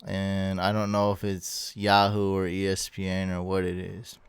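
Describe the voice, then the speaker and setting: A man hosting a late-night livestream, rambling and friendly as he reads out viewer comments and thanks people. His voice sits a little low and sounds clear and smooth. The sound is close and dry. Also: completely flat delivery, normal speed, no echo. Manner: chatty, rambling, thanks viewers and stumbles over names. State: tired. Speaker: livestream host. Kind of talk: casual livestream chat reading viewer comments. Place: home room.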